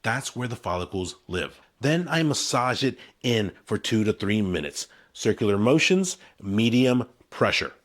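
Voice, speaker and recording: A man's voice: lowish voice, lively intonation, unhurried, hardly any pauses. A man in his forties talking to camera in an upbeat, punchy promotional style, selling his own hair routine in short emphatic phrases. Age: 40s. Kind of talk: scripted promotional talk to camera.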